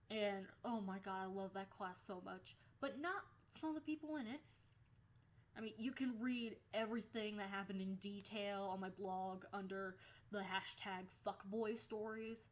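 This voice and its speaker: Young woman telling a storytime vlog. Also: mid-range voice. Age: young adult. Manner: animated, swears freely, acts out quoted lines. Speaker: vlogger.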